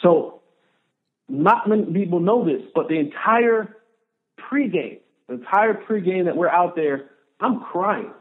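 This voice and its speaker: A man, a former football player, telling a story as a podcast guest, animated and repeating phrases for emphasis. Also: high-pitched, unhurried. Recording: tinny phone-line audio.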